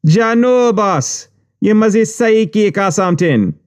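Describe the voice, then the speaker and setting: A man's voice: high-pitched, animated, unhurried, clean tone, no echo, clean studio sound, voice pushed up. An eager, fawning Jamaican henchman in a voice pushed far up from the storyteller's own. He speaks deferential patois, all keen agreement.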